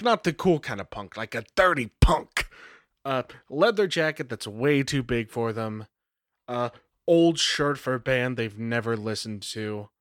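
A man's voice: on the high side, a bit bright, no room sound. Man, game master, casual rambling narration, fillers, self-corrections, dry close sound.

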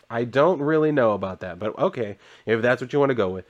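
A man casually recapping a comic issue, rambling and sarcastic, with frequent swearing and flatly read character lines. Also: medium pitch, quick pace, dull audio. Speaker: comic book reviewer.

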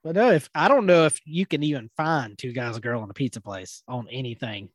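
A man's voice: medium pitch, fairly quick. A man co-hosting a casual podcast chat, joking with friends and recommending old shows in loose, rambling sentences. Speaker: podcast co-host.

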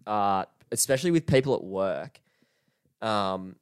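A young Australian man co-hosting a podcast, telling stories in quick, chatty casual talk. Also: lowish voice, animated, clean tone, no echo, clean studio sound. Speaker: podcast co-host. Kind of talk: casual chat.

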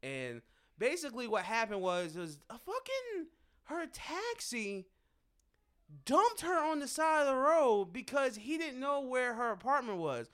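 A young adult man, a podcast co-host, telling a story in casual, animated, profane chat. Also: very high-pitched, measured pace, clear, resonant tone.

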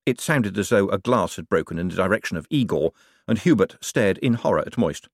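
Man narrating an audiobook, low and expressive. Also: fairly quick, slightly rough, dry recording, studio quality. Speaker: audiobook reader.

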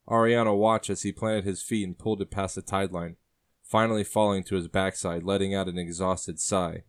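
A man narrating a story aloud in a steady, descriptive reading. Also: low-pitched.

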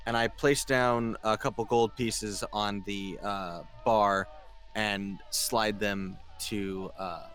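A man with a lowish voice taking his turn in a tabletop game. He speaks formally as his devout character and stumbles over words when he steps out of it. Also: steady tone, slow, fairly bright tone. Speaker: player. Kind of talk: playing a pious knight in a tabletop game.

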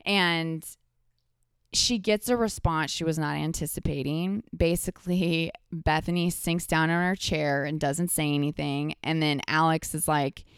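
Smooth, lower-pitched woman chatting as a guest. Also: unhurried, dry recording, clean studio sound. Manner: animated storytelling, many "like" fillers. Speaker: podcast guest. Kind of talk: casual chat.

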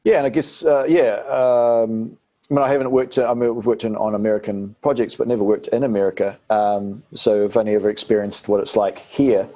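Man, New Zealand accent, low voice, mellow tone, rambling casual interview talk. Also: fairly even intonation, brisk. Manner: rambling, many fillers and restarts. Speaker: actor guest.

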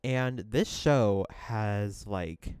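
A man's voice: fairly low pitch, very slow, darkish tone, clear, resonant tone, no echo, clean studio sound. A man co-hosting a casual hangout podcast, rambling with lots of "like" and restarts and laughing often. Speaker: podcast co-host. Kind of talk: casual chat.

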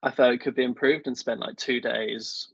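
In a relaxed interview, a young podcast guest from government affairs tells chatty stories, poking fun at himself and using lots of fillers. His mid-range voice is gravelly with a breathy edge, fairly even in intonation at normal speed, and the recording is dry, dull and lo-fi.

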